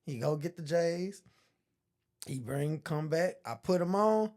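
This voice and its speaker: A man's voice: on the high side, expressive, unhurried, darkish tone. A man in casual conversation, telling a childhood story with lots of laughter.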